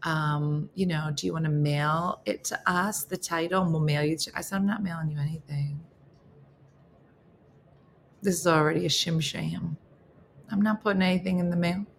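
A woman's voice: on the low side, steady tone, normal speed, creaky, slight background noise. A woman hosting a morning show, telling a story in casual chat and acting out both sides of phone calls with big jumps in her voice.

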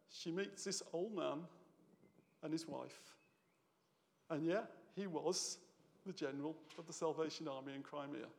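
Gravelly preacher in a reverberant hall. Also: male voice, on the high side, a little mellow. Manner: conversational, tag questions, gets emotional. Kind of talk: sermon. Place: church hall.

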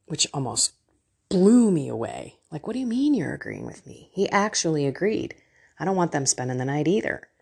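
A woman's voice: lowish voice, a little mellow, husky. A middle-aged woman talking candidly and emotionally to an online faith group, with a self-deprecating manner. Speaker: faith and life coach.

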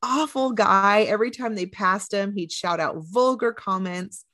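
A woman co-hosting a podcast in casual chat, animated and acting out lines from a film. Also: mid-range voice, measured pace, no room sound, clean studio sound. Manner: animated, acts out quotes from the film. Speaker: podcast co-host.

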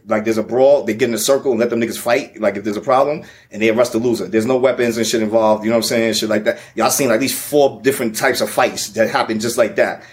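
A man telling a long personal story in casual, profane podcast chat. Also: lowish voice. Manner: profane, animated storyteller, repeats "you know what I'm saying". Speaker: podcast guest.

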